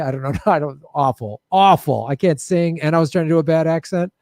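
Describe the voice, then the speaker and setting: A man's voice: on the high side, moderate pace, hardly any pauses, a little mellow, dry recording, studio quality. A male livestream host in casual sign-off chat, loose and chatty, laughing often and thanking viewers by name.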